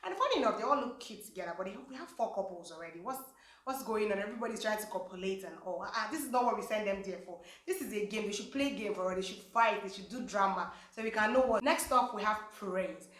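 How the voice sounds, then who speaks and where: A woman's voice: mid-range voice, expressive, fast, fairly bright tone, echoey room. A woman, gossiping casually about reality show contestants, with lots of fillers. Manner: chatty, gossipy, many fillers. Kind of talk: casual chat.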